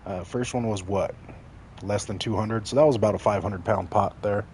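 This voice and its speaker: A man's voice: lowish voice, steady tone, normal speed, darkish tone, slight background noise. A man from Mexico giving casual, joking commentary while streaming a video game and talking straight to his chat.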